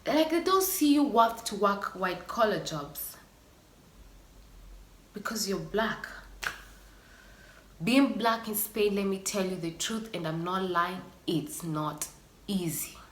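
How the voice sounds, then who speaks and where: A woman's voice: mid-range voice, animated, slow, pauses often. A woman vlogger talking earnestly and emotionally to her viewers, sighing now and then. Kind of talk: personal vlog monologue. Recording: echoey room.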